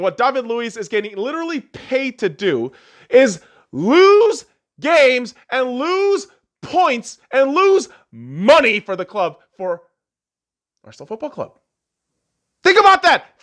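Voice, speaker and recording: A young man rants about sports on his podcast. His voice is high and bright, and it leaps between loud shouted outbursts and low grumbling asides. He swears a lot and never stays still. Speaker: podcast host. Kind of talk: profane sports rant.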